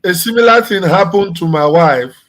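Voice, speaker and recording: Male guest from Nigeria, casual conversation, slightly higher voice, easygoing delivery. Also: normal speed, rough recording. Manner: relaxed, conversational, with restarts. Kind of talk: casual chat.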